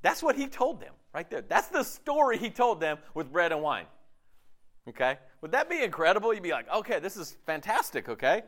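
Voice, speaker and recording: A man preaching a casual, jokey sermon, acting out quotes with lively swings in his voice. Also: high-pitched, brisk. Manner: animated, jokey, acts out quotes. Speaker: pastor.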